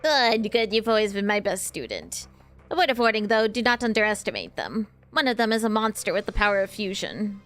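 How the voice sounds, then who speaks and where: A woman's voice: medium pitch, very animated, brisk, fairly bright tone, faint music behind. A woman reading the part of a scheming male sorcerer master in a game, haughty and commanding.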